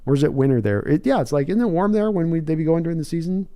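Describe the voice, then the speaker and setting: A male sports podcast host chatting casually on a live stream, rambling between jokes and viewer questions. His voice sits on the higher side. He talks loosely, restarting sentences as he goes. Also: lively intonation, rapid-fire, mellow, smooth. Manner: rambling, joking, answering chat questions.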